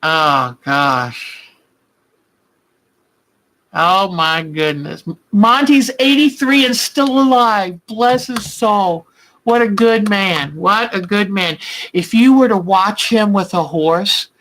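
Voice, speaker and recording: A woman's voice: medium pitch, takes it slowly, fairly bright tone, poor audio. An older woman hosting a quilting channel, chatting casually and heartfelt with her viewers, calling them by name and often laughing with emotion. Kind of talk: casual live chat with viewers.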